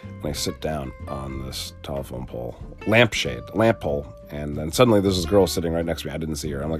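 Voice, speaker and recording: A young man casually telling a vlog story in a rambling, profane, animated way. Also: very deep voice, fairly quick, soft background music. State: sleepy, just woke up. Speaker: vlogger.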